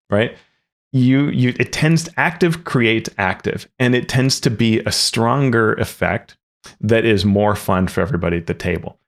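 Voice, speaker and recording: A man's voice: fairly low pitch, lively intonation, normal speed. A man hosting a casual instructional talk with tips for game masters, conversational and often checking in with "right?". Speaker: tabletop game advice host.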